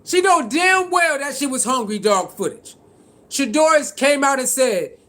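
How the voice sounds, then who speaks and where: A man with a strikingly high voice delivers reaction commentary on football. He talks in heated, slangy bursts and keeps circling back to the same points. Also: lively intonation, normal speed, pushed and bright. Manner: heated, slangy ranting with repetition. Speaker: sports commentator.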